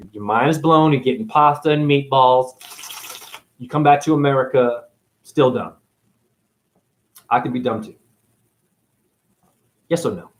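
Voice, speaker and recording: A man from New England delivers a rambling, profane monologue to camera. His voice sits a little high for a man. He is sarcastic throughout, jumping from loud outbursts to near-whispered asides. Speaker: spiritual video host.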